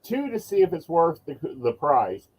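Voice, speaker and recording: A man's voice: on the high side, wildly swooping pitch, moderate pace, slightly rough, low-quality recording. A man co-hosting a casual chat, making wry, dry asides. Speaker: podcast co-host, psychic.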